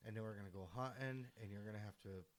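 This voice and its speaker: A man co-hosting a casual hunting podcast, excitable and quick to laugh, swearing freely and a little tired. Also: lowish voice. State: tired, yawning. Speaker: podcast co-host. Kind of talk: casual chat.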